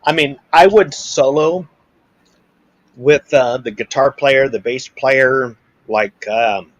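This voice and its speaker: A man speaks slowly, patiently explaining rhythm and scatting beats aloud. The recording is dry and close, with no room echo. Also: medium pitch. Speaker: musician guest. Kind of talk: casual chat.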